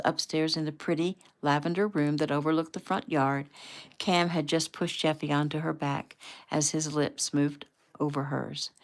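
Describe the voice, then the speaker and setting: A woman reads her own novel aloud at home, casual and unhurried, as if the listener is sitting in the room with her. Her voice is low and gravelly. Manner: relaxed, conversational. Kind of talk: casual audiobook reading.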